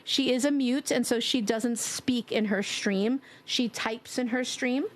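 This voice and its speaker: A woman's voice: on the high side, measured pace. Congested woman signing off a stream. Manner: warm, affectionate, blowing kisses. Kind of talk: casual stream sign-off chat.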